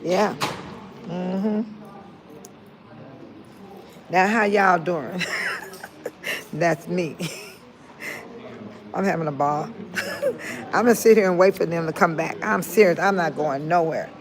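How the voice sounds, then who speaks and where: A woman's voice: fairly low pitch, takes it slowly, long pauses. An older retired woman chatting casually with viewers on a phone livestream, laughing often and talking straight to them. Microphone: phone held close to the face.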